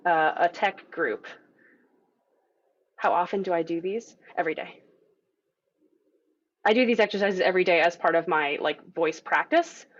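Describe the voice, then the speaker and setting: A woman teaching a group voice lesson over a video call, in a casual, encouraging way, with filler words. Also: fairly low pitch. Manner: casual, encouraging, demonstrates vocal sounds. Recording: dull lo-fi video call audio.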